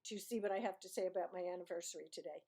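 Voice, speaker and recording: A woman's voice: lowish voice, racing, mellow, husky. Chatty woman from Brooklyn telling a story. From Brooklyn, New York. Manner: chatty, digressive, self-correcting, laughs often. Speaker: YouTuber. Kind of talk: casual storytelling to camera.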